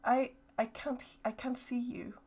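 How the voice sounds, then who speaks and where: A woman voicing a frightened, lost young person who calls out haltingly from far away. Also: a little high, steady tone, darkish tone, breathy edge, voice pushed up. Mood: scared, lost.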